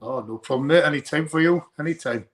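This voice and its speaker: A man's voice: a little high, fast talker. A young man, a fighter being interviewed, talking in a rambling way and often repeating his first words. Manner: rambling, repeats words when starting sentences. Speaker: bare-knuckle fighter guest. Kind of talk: casual interview chat.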